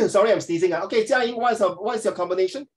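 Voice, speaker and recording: A man leading a classroom discussion, playful and lively, mixing English with Mandarin. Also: high-pitched, racing, low-quality recording. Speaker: teacher.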